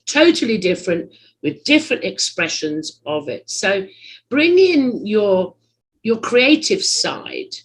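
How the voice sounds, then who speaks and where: A husky podcast host talks at length in a loose interview, hunting for words and teasing the guest. Pitch and loudness leap up and drop away as the thoughts tumble out, sitting in a middle register overall. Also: big pitch swings, slow, rough recording. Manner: rambling, searching for words, teasing; big swings in pitch and loudness. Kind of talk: conversational interview.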